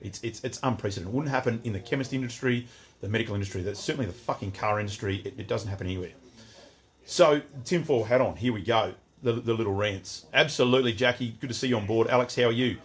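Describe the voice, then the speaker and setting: A man's voice: lowish voice, quick pace. A middle-aged Australian man hosting a casual livestream from his outdoor shop, greeting viewers by name and ranting in a rambling, chatty way with frequent restarts. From Western Australia.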